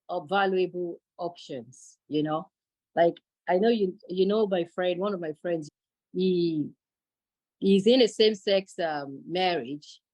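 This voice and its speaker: A woman takes part in a book club discussion. She speaks very slowly and thoughtfully, pausing on fillers. Her voice is on the low side and the sound is dry. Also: darkish tone, no echo, poor audio. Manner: measured, thoughtful, with hesitant fillers. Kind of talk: casual group discussion.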